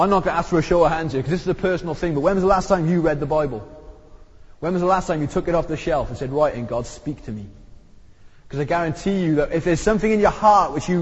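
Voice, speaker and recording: A man's voice: fast, darkish tone, slightly rough. A man preaching a conversational, emphatic sermon, his throat sore. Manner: conversational, emphatic preaching with rising pitch on key points. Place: church hall. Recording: dull recording with long hall reverb.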